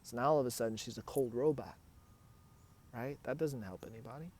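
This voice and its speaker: A man's voice: mid-range voice, fairly quick, darkish tone, husky. Earnest man giving coaching advice. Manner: earnest, coaching, acts out example dialogues. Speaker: hypnotist and relationship coach. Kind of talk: direct advice talk.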